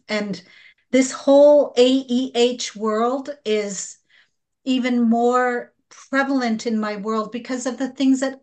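Slow, earnest woman on spirituality. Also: on the high side. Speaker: guest practitioner. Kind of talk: spiritual podcast conversation.

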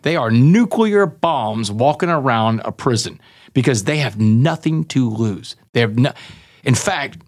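A man's voice: medium pitch, expressive, unhurried, no echo, clean studio sound. A middle-aged man, a podcast guest, candidly tells a story and acts out the dialogue he quotes. He calls the listener "man" and "brother".

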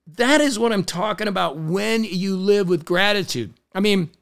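A middle-aged man giving an energetic, enthusiastic motivational talk, telling stories and acting out the people in them. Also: sits high, normal speed, gravelly, smooth. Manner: energetic, enthusiastic, storytelling with acted quotes. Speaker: motivational speaker.

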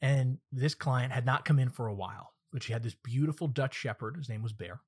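A dog trainer hosts his own solo podcast, teaching and telling stories in a direct, earnest monologue. His medium-pitched voice is husky and a little fast.

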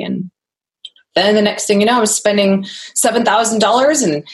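A woman's voice: mid-range voice, normal speed. A young adult woman as a podcast guest, candidly telling a personal story, earnest and laughing often.

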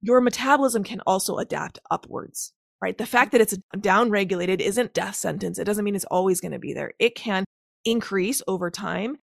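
A woman's voice: mid-range voice, normal speed, vocal fry, no echo, clean studio sound. A woman coach in her thirties, a guest on a podcast interview, explaining things step by step with examples and analogies. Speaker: guest, macro-counting coach.

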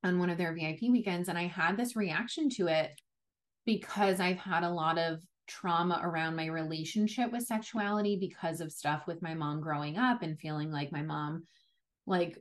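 A young woman with a voice pitched a little low talks through a personal story as a podcast host. Her delivery is loose and chatty, full of "like" and small restarts. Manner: chatty, frequent "like" fillers.

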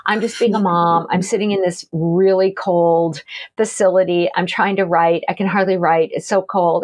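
A middle-aged woman, a guest author and energy healer, telling stories in a casual, animated conversation with frequent laughter. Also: fairly low pitch. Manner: animated, laughing, acts out quoted voices.

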